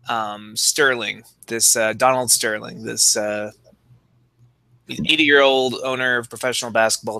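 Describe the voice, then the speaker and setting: A man's voice: mid-range voice, pushed and bright, clean tone, no room sound. A young man co-hosting a podcast with dry, wry humor, who also reads passages aloud. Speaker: podcast co-host and teacher. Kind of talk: casual chat, reading aloud.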